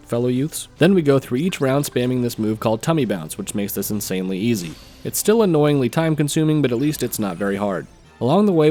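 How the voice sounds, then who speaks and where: Fast-talking man narrating gameplay. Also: mid-range voice, darkish tone. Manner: fast, dry, joking asides. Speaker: gaming trophy hunter.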